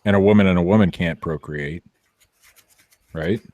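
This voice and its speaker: Low-voiced guy hosting a podcast, joking around, dry close sound. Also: moderate pace, darkish tone, no room sound, highs cut off. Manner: joking, rambling with restarts. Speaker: podcast host. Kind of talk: casual banter.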